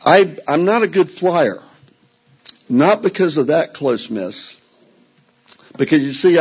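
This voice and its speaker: Older guy telling a wild tale to a crowd, husky voice, folksy and joking at himself. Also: mid-range voice, darkish tone, poor audio. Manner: folksy, drawling, self-mocking humor. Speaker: storyteller. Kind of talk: live stage storytelling. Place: indoor venue before a live audience.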